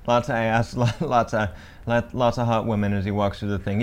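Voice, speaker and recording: A man's voice: medium pitch, flat delivery, brisk, smooth. A young man co-hosting a podcast, recapping a film in casual chat, rambling and joking with lots of fillers and restarts. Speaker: podcast co-host.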